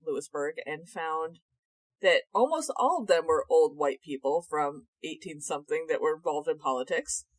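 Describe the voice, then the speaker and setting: Young woman podcast cohost, low-ish voice, dry close sound, sarcastic and chatty. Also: normal speed, no echo, low-quality recording. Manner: animated, sarcastic, swears casually. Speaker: podcast co-host. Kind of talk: casual chat.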